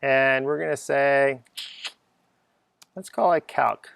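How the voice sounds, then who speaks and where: Chatty gravelly man teaching code. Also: mid-range voice, fairly even intonation, slow pace, a bit bright, no echo. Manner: chatty, thinks aloud, hums and sings sound effects. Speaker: coding teacher. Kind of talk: unscripted screencast coding lesson.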